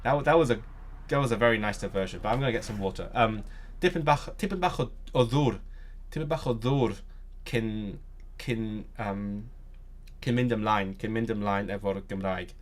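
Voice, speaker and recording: A young man hosting a casual language-learning live stream, reacting to chat, often restarting his sentences and trying out halting Turkish and Welsh phrases. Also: lowish voice.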